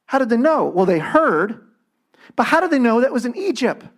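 A man's voice: very high-pitched, very animated, normal speed. A man preaching a sermon in a conversational way, acting out quoted voices as he goes. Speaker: pastor.

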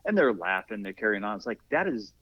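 An older man with a fairly low voice tells stories about the firehouse, slipping into the voices of the people he quotes. The sound is dry and a bit dull, like lo-fi podcast audio. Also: brisk, slightly rough, no room sound. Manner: animated storyteller acting out quoted dialogue. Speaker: interview guest, masters athlete and former firefighter. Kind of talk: casual storytelling in an interview.

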